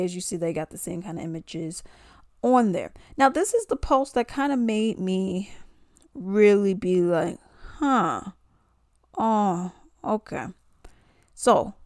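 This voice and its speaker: A woman's voice: mid-range voice, a little mellow, no echo, clean studio sound. A woman giving casual commentary, reading posts aloud and questioning the wording. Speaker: commentary vlogger.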